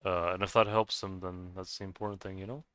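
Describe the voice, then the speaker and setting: Man with a Scottish-sounding accent, crisp. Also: low voice, little pitch movement, fast talker, a bit bright, dry recording. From United States. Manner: rambling, answers chat questions. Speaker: game streamer. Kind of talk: casual livestream chat.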